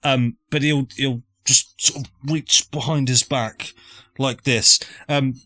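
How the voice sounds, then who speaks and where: A man's voice: mid-range voice, fairly even intonation, slow, sharp tone. A man narrating a tabletop game as dungeon master, with lots of fillers and hesitations.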